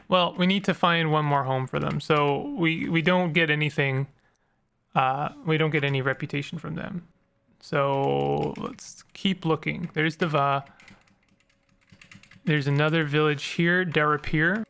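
A man's voice: on the high side, steady tone, measured pace, vocal fry, a bit bright, clear, resonant tone. A man hosting a let's play, giving casual game commentary in a rambling way and stumbling over odd names.

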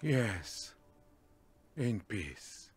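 An actor voicing a lonely old man in a game, speaking in a halting, sorrowful way. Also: lowish voice, big pitch swings, over music, exaggerated voice. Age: older. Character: lonely old man, grieving behind a jolly front. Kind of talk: game voice acting.

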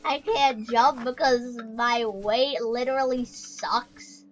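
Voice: mid-range voice, steady tone, takes it slowly, soft background music, natural voice, low-quality recording. A performer voicing a sulking, forgotten male animatronic bear in a comedic skit, talking in a whiny, rambling, self-pitying way. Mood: indignant.

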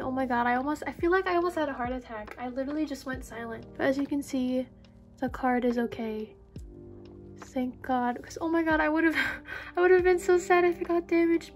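Excitable young woman gushing over an unboxing. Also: sits high. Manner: excitable, gushing, breathy exclamations. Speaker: vlogger. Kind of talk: unboxing haul vlog. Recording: background music.

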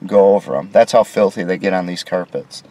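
A man's voice: low-pitched, brisk, mellow, slight background noise. A man reviewing a budget hotel in a casual, complaining way, his voice rising in disbelief at the prices. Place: hotel room.

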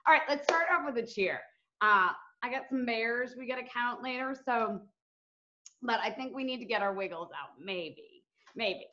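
A woman's voice: a little high, animated, normal speed, sharp tone, highs cut off, slight background noise. A woman teacher leading a virtual lesson for young children, bubbly, giggly and chatty. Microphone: video call.

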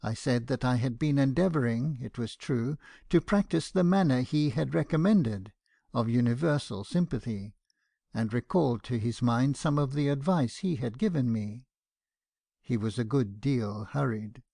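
A man narrating an audiobook in a measured, even storytelling manner. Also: mid-range voice, vocal fry, no room sound, studio quality.

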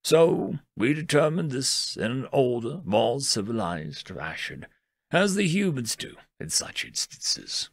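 A man voicing the eldest alien at a table, speaking slowly and deliberately. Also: mid-range voice, very animated, slightly rough, no echo, clean studio sound, full character voice. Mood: calm. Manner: slow, deliberate. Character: eldest alien male, calm and measured elder.

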